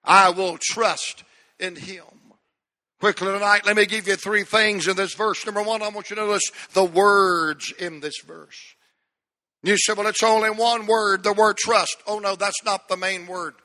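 A man's voice: high voice, fairly even intonation, moderate pace, pushed and bright, long reverb tail. A man in his sixties preaching a sermon as pastor in a church, emphatic and repeating key words for stress. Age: 60s.

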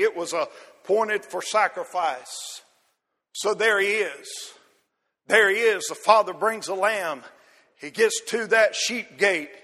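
Preacher guy, pretty high voice, rhythmic and repetitive, long echoey hall. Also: pushed and bright. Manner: rhythmic, repetitive, calls listeners by name. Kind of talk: sermon.

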